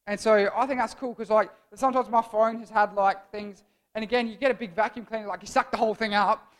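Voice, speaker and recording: Young adult, casual youth sermon, playful, rambling, middle pitch. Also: steady tone, quick pace. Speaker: youth church speaker.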